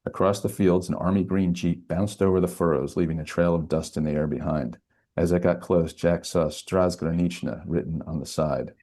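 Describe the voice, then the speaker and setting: A man, a novelist, reading a passage from his own thriller aloud in a steady, measured way. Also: sits low.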